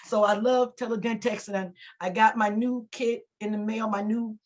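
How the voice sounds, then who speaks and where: A woman's voice: a little high, steady tone, moderate pace. Chatty woman on a webinar. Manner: chatty and enthusiastic, with restarts. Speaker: oral health worker on a webinar. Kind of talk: unscripted webinar talk.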